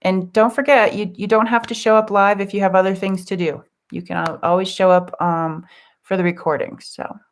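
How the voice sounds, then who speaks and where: A woman hosting a live spiritual group session, chatting gently and affectionately as she reads out viewers' comments with soft laughs. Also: medium pitch, fairly even intonation, moderate pace, slight background noise. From California. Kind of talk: casual live-stream chat.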